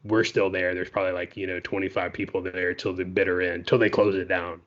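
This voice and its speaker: Low-voiced man telling a rambling story. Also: level tone, a little fast, fairly bright tone, dull audio. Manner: rambling, full of "you know" and "right?" asides. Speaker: podcast co-host. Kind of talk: casual storytelling.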